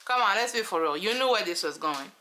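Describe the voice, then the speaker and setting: A woman giving sassy, animated commentary on a reality show, talking straight to her viewers. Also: medium pitch, quick pace. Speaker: show reviewer.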